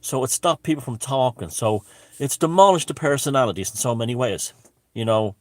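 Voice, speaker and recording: A man's voice: mid-range voice, animated, fairly quick, darkish tone, dry recording. Rambling man telling a story. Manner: rambling, many restarts and asides; wry and self-mocking. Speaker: channel host. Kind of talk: casual storytelling monologue.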